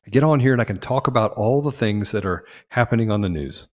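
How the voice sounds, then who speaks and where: A man hosting a political talk show, speaking in an impassioned monologue that swings from loud peaks to low asides. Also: expressive, fast talker, long reverb tail. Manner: emphatic, rising to loud peaks and dropping low. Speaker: podcast host.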